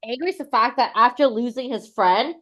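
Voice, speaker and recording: Give me a chatty woman co-host in casual fan chat, voice a bit high. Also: fairly bright tone. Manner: chatty, quick to agree and chime in. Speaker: podcast co-host.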